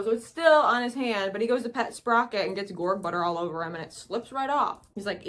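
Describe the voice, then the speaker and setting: A woman's voice: fairly high pitch, expressive, brisk, few pauses, a bit bright. A young woman in a casual, chatty recap, giggling and saying "like" often. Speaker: video reviewer.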